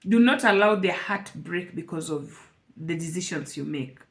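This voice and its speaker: A woman's voice: lowish voice, expressive, moderate pace. A woman speaking to camera in an emotional personal vlog, earnest and repeating phrases for emphasis. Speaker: vlogger.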